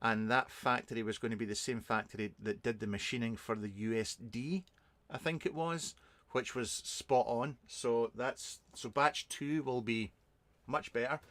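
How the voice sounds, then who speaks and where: A man's voice: medium pitch, moderate pace, hardly any pauses, a bit bright, dry recording. A man, a reviewer hosting a casual live stream, answering viewers in a rambling, chatty way with many ums and restarts.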